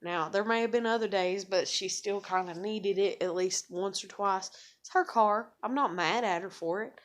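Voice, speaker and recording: A woman's voice: mid-range voice, normal speed, few pauses. A woman ranting profanely in a casual venting monologue.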